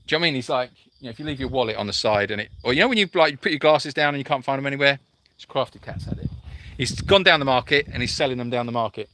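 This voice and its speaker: A chatty man with a bright, forceful edge to his voice hosts a casual live chat from an animal sanctuary. He rambles warmly through viewer questions, breaking off with fillers and little restarts as he answers. His pitch sits in the middle range for a man. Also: very fast, slight background noise.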